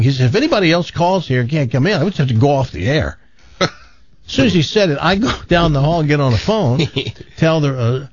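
Animated male radio host telling stories. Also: a little high, fairly quick, no room sound, dull audio. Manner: animated storyteller, acts out voices. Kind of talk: casual radio chat.

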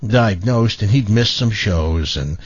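A man's voice: fairly low pitch, lively intonation, slow pace, slightly rough, no echo, highs cut off. A male radio talk show host chatting on air in a reflective, rambling way, full of restarts. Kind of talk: casual on-air chat.

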